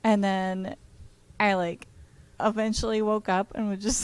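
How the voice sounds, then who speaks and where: A woman's voice: mid-range voice, little pitch movement, measured pace, clean tone. A young woman in her twenties telling a story in casual chat, chatty and giggly.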